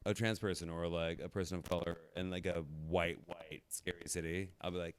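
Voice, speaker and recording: A man co-hosting a podcast, telling a story in an excitable, profane, casual way. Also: low voice, fairly quick. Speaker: podcast co-host.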